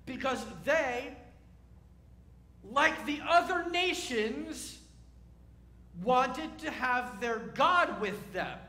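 A rabbi gives a sermon in a chatty, wry manner and keeps asking his listeners questions. His voice is high and lively. It echoes around the hall. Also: extremely slow, pauses often.

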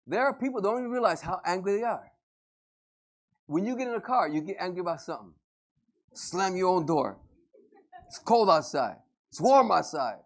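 A male pastor preaching a lively, joking sermon to a congregation and acting out everyday scenes. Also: sits high. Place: church service before a congregation.

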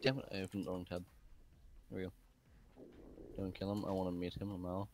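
Low-voiced flustered young streamer man. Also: flat delivery, fairly quick, darkish tone, slight background noise. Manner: jokey, flustered, laughs a lot. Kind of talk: live gaming stream chat.

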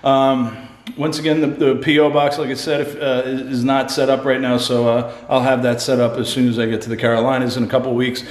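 A shaken man filming himself alone in an empty house, his voice of ordinary pitch. He stammers, rambles and repeats himself as he talks. The room around him is bare and echoes. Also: level tone, fairly quick. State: shaken and scared. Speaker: paranormal vlogger. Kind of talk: frightened solo ghost-hunt vlog.

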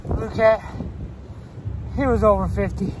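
A man vlogging his fishing trip outdoors on a boat, out of breath and exclaiming loudly as he talks to his catch. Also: high-pitched, fairly even intonation, unhurried. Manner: exclamatory, whooping and talking to the fish. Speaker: angler vlogger. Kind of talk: excited fishing vlog commentary. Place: outdoors on a boat in strong wind. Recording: loud wind noise on the mic. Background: wind and boat noise.

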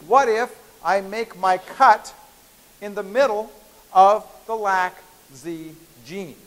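A man's voice: sits high, a bit bright. Playful male lecturer in a hall. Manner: playful, chatty, checks in with frequent "okay?". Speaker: university biochemistry lecturer. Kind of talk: live classroom lecture. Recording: hissy lecture-hall recording with long reverb.

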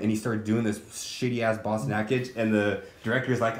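A man's voice: lowish voice, flat delivery, normal speed. A man co-hosting a podcast, chatting casually and enthusiastically as he recommends a movie, swearing freely and rambling. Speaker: podcast co-host. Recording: roomy, faint noise.

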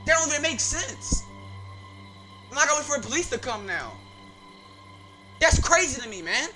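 A man giving excitable, slangy gameplay commentary, reacting loudly as he plays. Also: extremely high pitch, moderate pace. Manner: casual slangy talk. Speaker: gaming channel host. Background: game music.

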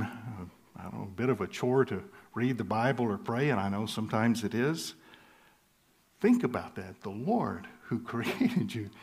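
A man delivers a sermon as pastor. His voice sits in a middle pitch, and he speaks earnestly and deliberately, slowing down on key phrases and chuckling softly now and then. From southern United States. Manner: earnest, measured, slowing for emphasis, with light chuckles.

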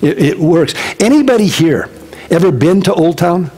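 Animated, conversational male pastor preaching. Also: sits high, moderate pace, slightly rough. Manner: animated and conversational, with joking asides. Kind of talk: casual expository sermon. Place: church service before a congregation.

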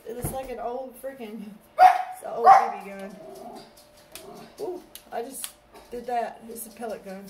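A vlogger with a fairly high-pitched voice chats casually to the camera from her bedroom, talking to her pets in between rambling stories. Heavy background noise runs through the recording.

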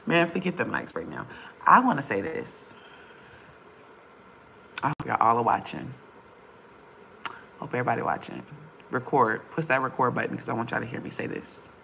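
A woman chatting casually on a livestream with her viewers, impatient and bantering with loud bursts. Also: a bass voice, expressive, moderate pace, gravelly, long pauses, slight background noise. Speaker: vlogger on a livestream.

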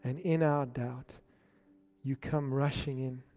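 Slow, earnest man praying. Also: mid-range voice, fairly even intonation. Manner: earnest, devotional. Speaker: prayer leader. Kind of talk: spoken prayer. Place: church. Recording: dull lo-fi sound with faint music.

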